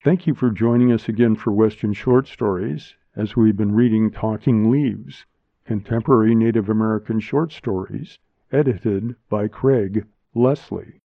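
A man narrating a short story as a volunteer reader, in a measured, hushed delivery recorded with a dull, lo-fi sound on a close mic. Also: fairly low pitch, gravelly, dry recording. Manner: slow, measured, hushed reading. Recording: dull lo-fi dry studio sound.

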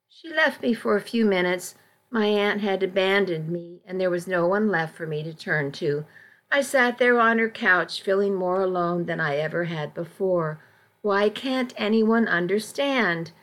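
A woman's voice: medium pitch, measured pace. Woman narrating a first-person audiobook.

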